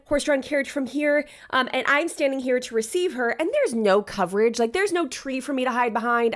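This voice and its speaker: A woman wedding planner telling a story to camera in a chatty, animated vlog style with lots of asides. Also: fairly high pitch.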